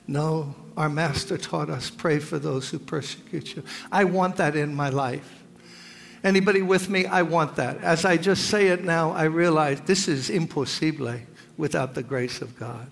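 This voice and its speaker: A man's voice: on the high side, normal speed, vocal fry. A male pastor leading a fervent, pleading prayer to his congregation in a large church. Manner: fervent, pleading, rises to loud urgent calls. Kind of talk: sermon prayer. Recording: reverberant hall with music.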